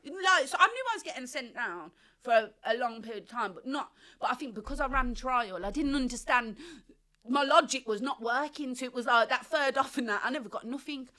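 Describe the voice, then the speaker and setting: A woman, telling her life story as a guest on an interview show in animated, slangy talk, acting out the people she quotes. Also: sits high, a little fast. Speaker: podcast guest.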